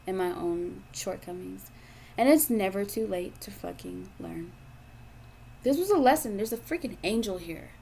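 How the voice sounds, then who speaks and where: A woman's voice: lowish voice, gravelly, dark tone, slight background noise. A woman giving a tarot reading to her audience, talking bluntly and with lots of profanity, repeating her points for emphasis. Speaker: tarot reader.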